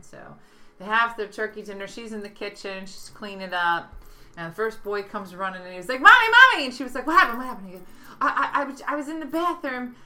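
A woman's voice: fairly low pitch, a little hiss or hum. A woman comedian chatting casually and telling jokes, acting out the characters' voices. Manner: animated joke-telling with acted-out voices. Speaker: comedian guest.

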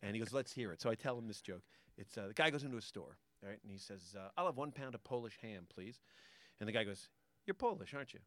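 A man's voice: lowish voice, quick pace, dry recording. A middle-aged man, a comedian guest, telling a story in casual podcast chat and acting out the people he quotes. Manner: animated storyteller, acts out quoted voices.

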